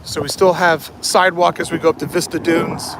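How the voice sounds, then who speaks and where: Guy streaming his walk outside, kinda high voice, jokey and self-roasting, wind noise on the phone mic. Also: level tone, fairly quick. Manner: joking, self-mocking, mock-motivational. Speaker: live streamer. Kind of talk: live-streamed walking vlog. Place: outdoors on a desert sidewalk, walking. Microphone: phone held in hand. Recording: wind and traffic noise outdoors.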